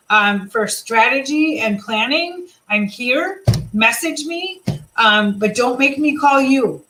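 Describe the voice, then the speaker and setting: A middle-aged woman with a slightly high voice leads her sales team through a relaxed live chat. She rambles a bit, restarting sentences and dropping in fillers as she encourages everyone. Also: slight background noise, rough recording. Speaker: team leader.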